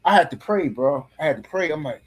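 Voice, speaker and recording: A middle-aged man on a podcast panel tells a story casually, in a blunt, profane and animated way, often restarting his sentences. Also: fairly high pitch, brisk, breathy edge.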